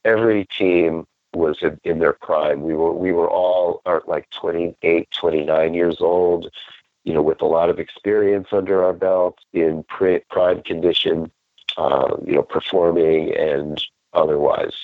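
In a casual storytelling session, a male guest rambles loosely and often restarts his sentences midway. His low voice is fairly even and unhurried, with no echo and phone-quality sound.

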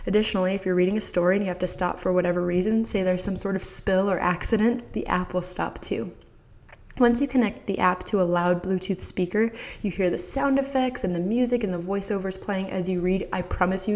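A woman's voice: on the low side, darkish tone. Upbeat woman hosting an advice podcast. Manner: enthusiastic and encouraging, speaks straight to listeners. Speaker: podcast host.

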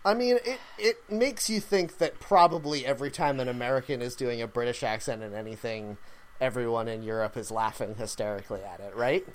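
A man's voice: mid-range voice, a little fast, a little hiss or hum. Chatty man with lots of "uh"s. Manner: hesitant, lots of fillers, laughs easily. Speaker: podcast co-host. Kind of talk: casual chat.

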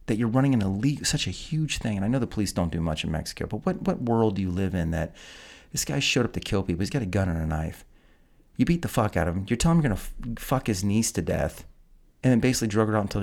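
Deep voiced dude on a podcast, swearing a lot, ranting about a movie like he can't believe it. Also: lively intonation, quick pace, gravelly, a little mellow. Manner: profane, incredulous ranting. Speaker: podcast host. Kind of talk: casual film review chat.

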